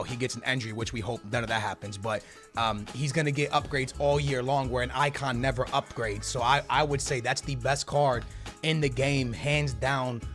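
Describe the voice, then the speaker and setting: A young man opening game card packs, excitable and stammering, his voice shaky with excitement as he keeps calling out to his viewers. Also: medium pitch. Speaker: gaming YouTuber. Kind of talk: excited pack-opening commentary.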